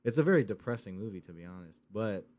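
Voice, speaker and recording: A man's voice: on the low side, animated, quick pace, a little mellow. Laid-back young man swearing casually. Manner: laid-back, swears a lot, rambling with fillers. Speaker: podcast co-host. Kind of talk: casual chat about movies.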